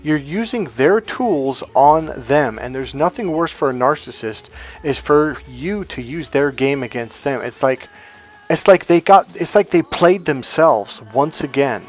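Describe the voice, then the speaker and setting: A man giving a blunt, emphatic motivational talk as a coach, swearing casually and talking in quick bursts. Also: fairly high pitch, animated.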